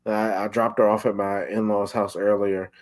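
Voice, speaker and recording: A man's voice: fairly low pitch, level tone, normal speed. A young man hosting a podcast, chatting casually and acting out his own thoughts as quotes. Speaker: podcast host. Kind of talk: casual chat.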